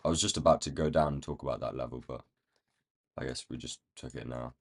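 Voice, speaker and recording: Male streamer, very deep voice gone croaky, loose live chart commentary, thinking out loud. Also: fairly even intonation, quick pace. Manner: thinking aloud while marking up charts. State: croaky, feeling rough. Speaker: day trading livestream host.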